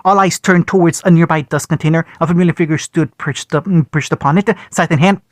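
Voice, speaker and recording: A man's voice: fairly high pitch, fairly even intonation, a little fast, few pauses, no room sound. A man reading a fan fiction story aloud, often stumbling and restarting words.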